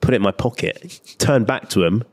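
Young man, podcast co-host, lowish voice, loose sweary storyteller. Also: brisk. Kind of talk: casual chat.

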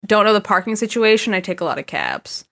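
A woman's voice: mid-range voice, huge pitch swings, quick pace, gravelly, fairly bright tone. A woman guesting on a casual podcast, chatting in an easygoing, candid way.

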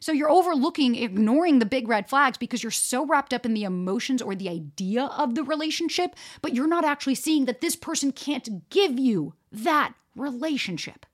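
Blunt, animated young woman podcast host. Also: high-pitched, moderate pace, hardly any pauses. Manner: blunt and frank, swears freely; animated, speaks straight to listeners. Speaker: dating coach podcast host. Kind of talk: casual solo podcast talk.

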